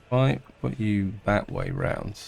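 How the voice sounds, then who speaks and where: A middle-aged Englishman gives casual, relaxed commentary on his city-building game as a let's-player. His low, creaky voice is unhurried, and he thinks aloud hesitantly, pausing, restarting sentences, and weighing options, with faint music behind.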